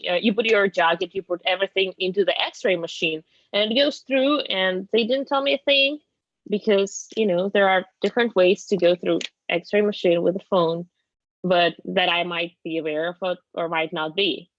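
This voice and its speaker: A woman's voice: medium pitch, moderate pace, no room sound, muffled recording. A woman with a Russian accent, a native Russian speaker, telling a story in a chatty way with laughs. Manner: chatty, laughing, frequent fillers. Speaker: guest reporter. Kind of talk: casual interview storytelling.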